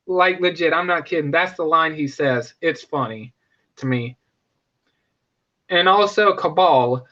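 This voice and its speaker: A man's voice: a little high, measured pace, long pauses, bright, forceful tone, highs cut off. A young man casually reviewing a movie, rambling with frequent restarts and fillers.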